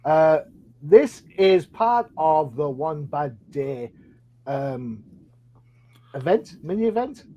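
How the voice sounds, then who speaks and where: A man's voice: on the high side, lively intonation, takes it slowly, pauses often, dark tone, muffled recording. A man hosting a comic book podcast, chatty and playful, with many fillers. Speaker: podcast host. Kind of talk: casual chat.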